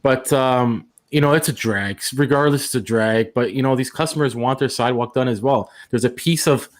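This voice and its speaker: A man's voice: medium pitch, moderate pace. A man co-hosting a casual talk show, speaking in a laid-back, easygoing way. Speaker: podcast co-host. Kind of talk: casual chat.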